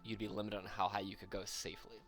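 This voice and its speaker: Game master, male, lowish voice, measured halting narration, faint music underneath. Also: level tone, fairly bright tone. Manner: slow, halting narration with fillers.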